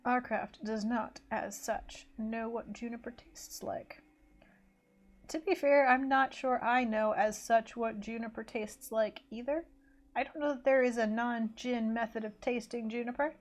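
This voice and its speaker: With a voice on the high side, fairly even intonation and a measured pace, a woman streamer chats casually while drawing. She rambles and self-corrects, sometimes breaking into mock race commentary, as faint music plays behind her.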